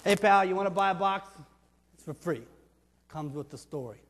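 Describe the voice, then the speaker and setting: A pastor playing a rough, streetwise ex-criminal in a sermon monologue, with coarse, colloquial talk that swings from loud outbursts to hushed tones. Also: male voice, high-pitched, normal speed, lightly acted. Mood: folksy. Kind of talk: first-person dramatic monologue in a sermon. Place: church. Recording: reverberant church sanctuary with faint music.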